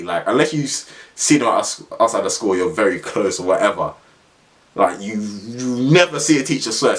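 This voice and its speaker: A young adult vlogger with a medium-pitched, slightly bright voice tells a funny story in a casual vlog. He's slangy and rambling, often laughing as he talks.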